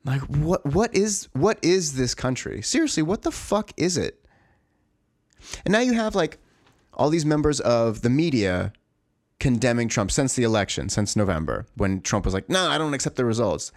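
A man's voice: medium pitch, big pitch swings, normal speed, darkish tone, dry recording, studio quality. A man in a profane, exasperated, rambling rant, full of restarts and asides. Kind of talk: ranting monologue.

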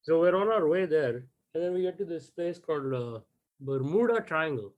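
A man putting on an easygoing, chatty bro with a Hinglish accent, his voice pitched a touch higher than most men's. He spins deadpan jokes into an improvised comedy story and tosses "bro" into nearly every line. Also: moderate pace, muffled recording, lightly acted. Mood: joking. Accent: Indian English. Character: laid-back bro-talking male traveler Jay. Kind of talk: improvised comedy role-play.

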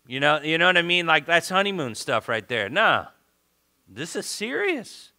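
A pastor preaches a sermon in a voice on the high side, animated and a little fast. He swings from loud, fervent exhortation to hushed pleading, often repeating words when he gets stirred.

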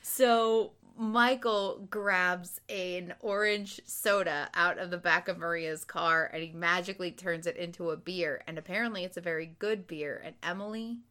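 Chatty woman with a bright voice. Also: lowish voice, moderate pace, few pauses, smooth. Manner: chatty, expressive, with sighs and groans. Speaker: podcast co-host recapping a TV episode. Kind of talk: casual chat.

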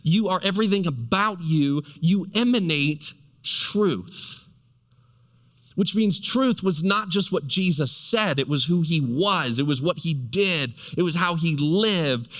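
A male pastor with a fairly high voice preaches in a big hall whose sound rings out in a long tail. He fires rhetorical questions at his listeners and draws out the words he wants to land. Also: fairly bright tone. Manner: emphatic, rhetorical questions to the congregation; stretches key words slowly for emphasis. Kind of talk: sermon.

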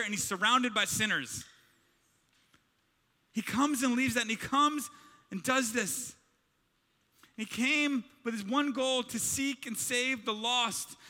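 A man preaching a sermon in an animated, conversational way, acting out quotes. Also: extremely high pitch, in a large hall. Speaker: pastor.

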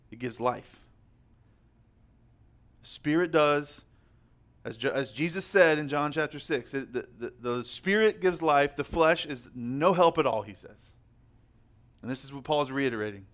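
A young man delivers a sermon as a pastor, his voice sitting a little high for a man. He preaches emphatically, slowing down to press on the words that matter. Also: a bit bright. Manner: emphatic, slows down to stress key words.

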